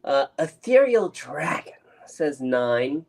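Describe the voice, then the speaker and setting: Brief: male co-host on a call, unhurried, easygoing, chat reader. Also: mid-range voice, sing-song. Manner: laid-back, reading out chat. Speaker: co-host, voice actor. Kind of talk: casual podcast chat. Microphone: video call.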